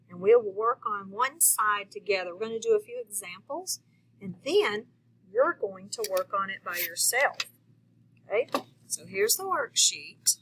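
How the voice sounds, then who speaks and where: A woman's voice: mid-range voice, slightly rough, low-quality recording. A woman teacher giving a patient phonics lesson to young children, checking in often with them.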